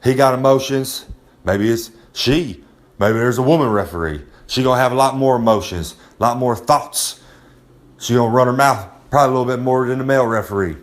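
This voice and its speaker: A man delivers a casual, rambling monologue of advice, swaggering and streetwise. His voice sits in an ordinary middle pitch, and he keeps circling back to the same catchphrases with easy confidence. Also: a little fast. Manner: swaggering, loose, repeats "I'm just saying", streetwise slang. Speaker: recurring advice segment presenter. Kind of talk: casual monologue of wrestling tips.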